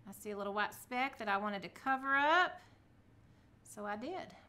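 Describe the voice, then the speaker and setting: With a medium-pitched, sharp voice and lively intonation at a normal speed, a middle-aged woman walks viewers through a casual craft tutorial. As a craft vlogger, she's chatty and self-encouraging, addressing her audience directly.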